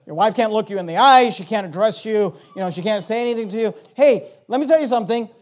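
A middle-aged male pastor preaches his sermon at a quick pace in a strikingly high voice. He sinks into soft, confiding tones, then climbs into loud, emphatic preaching.

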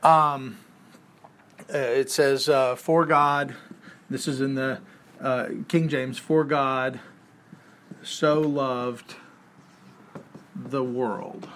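A man's voice: medium pitch, fairly even intonation, extremely slow, long pauses, a bit bright, slight background noise. A man teaching a Bible class in a casual lecture, talking conversationally and quizzing the class with questions.

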